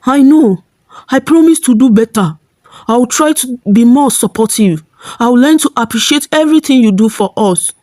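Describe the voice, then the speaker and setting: A woman voicing a remorseful husband who apologizes slowly and quietly. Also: fairly high pitch, animated, voice pushed up, close to an everyday voice. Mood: promising. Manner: quiet, slow and soft.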